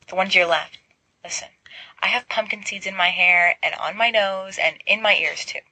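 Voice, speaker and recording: Female reader as a weary, tart young woman in a podfic; bright, dry-sounding. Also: medium pitch, moderate pace, husky, no echo, full character voice, rough recording. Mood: exasperated. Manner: tired, tart and sarcastic. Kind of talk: podfic reading.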